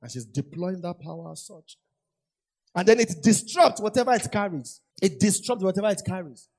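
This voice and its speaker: High-voiced emphatic male preacher. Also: lively intonation, normal speed, darkish tone. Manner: repetitive, emphatic preaching with rhetorical questions. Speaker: pastor. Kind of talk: sermon.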